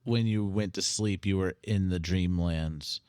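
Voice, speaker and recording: A man co-hosting a casual podcast chat, halting and chuckling as he talks. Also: low voice, darkish tone, smooth, dry recording, clean studio sound. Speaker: podcast co-host.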